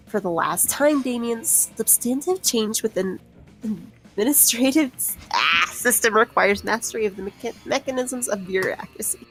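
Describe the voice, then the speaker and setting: A woman plays along with friends, easygoing and mild. Her voice sits a little high. Soft music hums in the background. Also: lively intonation, normal speed, low-quality recording. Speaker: player. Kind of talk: casual let's play chat.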